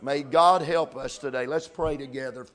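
A man's voice: medium pitch, normal speed. A man as pastor preaching a sermon, reading scripture aloud and repeating key lines with emphasis.

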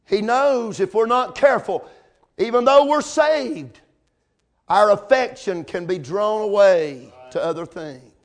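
A man preaching a sermon in a fervent way, quoting old-style scripture phrasing and building to loud, emphatic peaks. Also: sits high, measured pace.

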